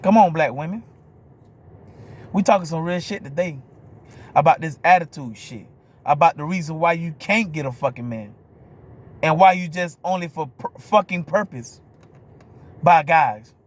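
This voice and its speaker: A vlogger from New Orleans, with the city's accent, rants to the camera in a blunt, profane monologue, repeatedly asking "you hear me?" His voice is fairly high, and he talks at a moderate pace with frequent pauses.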